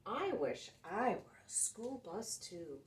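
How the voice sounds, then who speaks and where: A woman reading as a brave little cartoon truck, a cheerful boy who beeps high and bright and swoops up and down as he talks. The voice is slow and friendly, heard from a bit away in a roomy space. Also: big pitch swings. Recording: roomy sound, mic at a distance.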